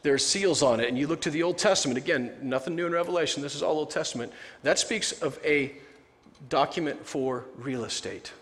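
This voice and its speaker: A man's voice: a little high, brisk, a bit bright, long reverb tail. A male pastor giving a sermon in a conversational, joking way, often restarting his sentences.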